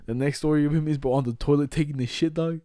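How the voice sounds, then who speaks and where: Young man, casual slangy storyteller; slightly higher voice, warm and dark, close and dry. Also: steady tone, quick pace, no room sound. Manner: slangy, laughing, swearing storyteller. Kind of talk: casual chat.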